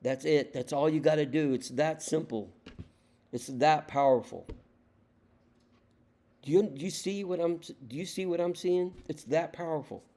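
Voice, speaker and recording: A man's voice: on the high side, moderate pace, pauses often, mellow. A man from the United States giving an impassioned political monologue, emphatic and repetitive, firing off rhetorical questions. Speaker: political commentator.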